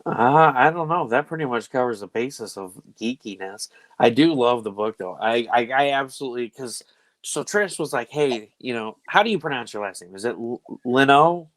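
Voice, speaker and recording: A man's voice: medium pitch, expressive, moderate pace, fairly bright tone, dry recording. A man hosting a casual chat show, rambling enthusiastically and laughing often. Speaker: show host.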